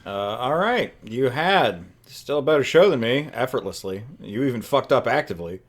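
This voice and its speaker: A man's voice: mid-range voice, animated. A young man co-hosting a casual comedic chat, thinking aloud and mumbling to himself as he plays a wrestling booking game. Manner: unhurried, mumbles to himself while deciding.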